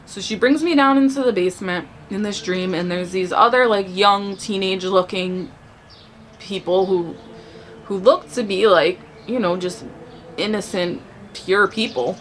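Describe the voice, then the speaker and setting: A woman sharing a personal faith testimony in casual storytelling, animated and acting out the dialogue as she tells it. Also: mid-range voice, unhurried, a little hiss or hum. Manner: animated, acts out dialogue in the telling.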